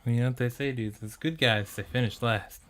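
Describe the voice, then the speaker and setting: A man's voice: medium pitch, fairly even intonation, fairly quick, a bit bright. A man co-hosting a podcast, chiming in with short jokes and asides in casual chat. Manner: joking, short interjections. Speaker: podcast co-host.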